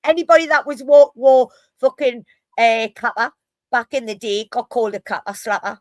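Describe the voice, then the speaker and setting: A woman from Newcastle with a Geordie accent, chatting casually as a co-host, fast-talking, blunt and full of swearing. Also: on the high side, steady tone, a little mellow, no echo. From Newcastle, England. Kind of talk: casual chat.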